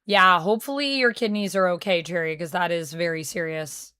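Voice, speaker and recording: A woman's voice: lowish voice, fairly quick, sharp tone, smooth, no room sound. Chatty Canadian woman streamer, dry sound. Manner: chatty, reads chat messages aloud and answers them. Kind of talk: casual live-stream chat.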